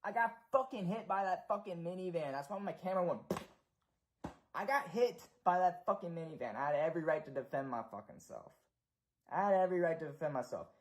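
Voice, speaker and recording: A man's voice: on the high side, expressive, a little fast, a little hiss or hum. A young American man ranting profanely and repetitively in a casual livestream.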